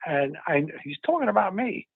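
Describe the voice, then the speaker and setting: An older man, an actor being interviewed, telling anecdotes in an animated way and acting out the lines of people he quotes, with a husky, gravelly voice. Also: high voice, moderate pace, dry recording. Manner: animated, acts out quotes in retelling. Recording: dry, tinny phone-like sound.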